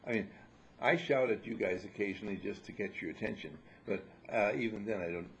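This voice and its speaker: A man's voice: lowish voice, fairly quick, slight background noise. An older man leading a group in a casual spiritual talk, playful and teasing as he lectures. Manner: lively, joking, playful lecturing.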